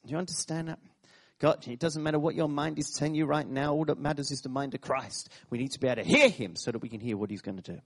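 A man's voice: a little high, fast talker. A man preaching a sermon, telling stories with laughing asides, repeated phrases and sudden bursts of emphasis. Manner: animated storytelling, laughing asides, repetitions.

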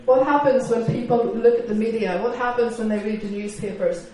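A woman's voice: on the high side, quick pace, few pauses, dark tone. A woman with an Irish accent preaching a sermon, full of rhetorical questions and acted-out quotes. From Northern Ireland or Ireland, living in Britain. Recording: echoey hall, distant mic, faint noise.

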